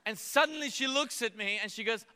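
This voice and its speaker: Here a male pastor in his thirties preaches a little fast, his high, bright voice smooth and ringing. He slips playfully into voices for his child and for God as he tells his story. Long reverb from the church hall follows each phrase of the sermon.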